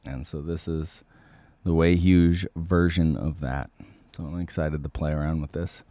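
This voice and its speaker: Very low, sick-sounding man chatting. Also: fairly even intonation, a little slow, mellow. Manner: rambling, many ums, frequent throat clearing. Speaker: livestream host reading viewer comments. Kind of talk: casual livestream chat.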